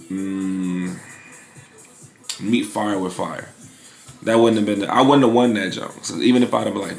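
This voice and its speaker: Laid-back gravelly young man vlogging. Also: deep voice, roomy sound. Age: 20s. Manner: laid-back, slangy, rambling with fillers. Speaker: vlogger building a clothing brand. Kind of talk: casual vlog talk.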